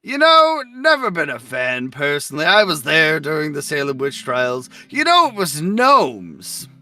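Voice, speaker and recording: A man's voice: fairly high pitch, wildly swooping pitch, unhurried, bright, forceful tone, exaggerated voice. A man doing a pompous, rambling old vampire. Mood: grandiose. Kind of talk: tabletop role-play in character.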